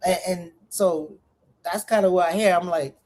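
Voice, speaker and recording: A man's voice: sits high, normal speed, darkish tone. A man co-hosting a morning talk show, casually cutting in and repeating "listen" to get the floor. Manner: loose, cuts in repeatedly with "listen".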